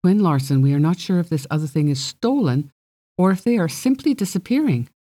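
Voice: medium pitch, animated, fairly quick, warm tone, no echo, pitched above the performer's own voice, close to an everyday voice. A reader voicing a proud, guarded fairy princess who speaks formally and bargains haughtily. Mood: reluctant. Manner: arrogant, formal, evasive.

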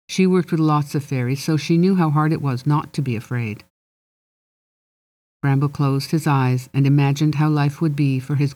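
A narrator reading a children's fantasy story aloud in a steady, gently expressive way. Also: mid-range voice, no room sound. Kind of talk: audiobook narration.

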